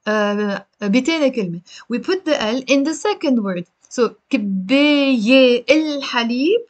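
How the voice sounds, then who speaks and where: A woman with a Lebanese accent teaching a live Arabic lesson, explaining patiently in English and Arabic and putting questions to her viewers. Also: a little high. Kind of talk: live-streamed language lesson.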